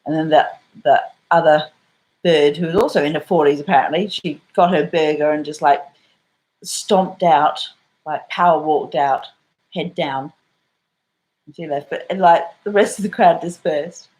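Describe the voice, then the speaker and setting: A woman's voice: sits low, normal speed, a little mellow, low-quality recording. Rambling, swearing Australian woman. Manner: rambling, swearing, full of fillers. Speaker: vlogger. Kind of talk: casual storytelling.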